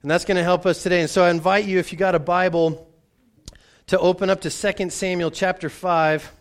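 A man's voice: high-pitched, level tone, brisk. A man who is a pastor, preaching in a conversational way and often repeating words as he restarts. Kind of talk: sermon with a personal story.

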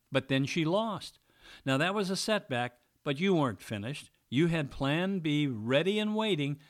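Sarcastic man delivering a political monologue. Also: on the high side. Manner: sarcastic, mocking. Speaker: political commentator. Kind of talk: opinion monologue.

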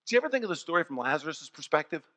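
A pastor preaching a sermon, telling stories in an animated way and swinging from soft, low passages to loud ones. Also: male voice, very fast. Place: church. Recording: long church reverb.

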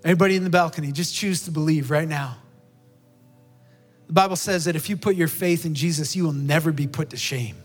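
A pastor with a slightly high voice speaks a little fast in a church sanctuary with a balcony, with faint music behind and the sound of a large hall. He preaches earnestly, urging the congregation and repeating short pleas. It's a sermon with an altar call and a prayer he leads.

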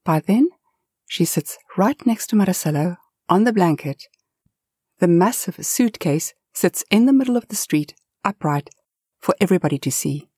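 A woman tells a story with lively, expressive swells. Her voice sits fairly low, with a dark, slightly husky tone. The sound is close and dry. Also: normal speed, no echo. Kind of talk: told story narration.

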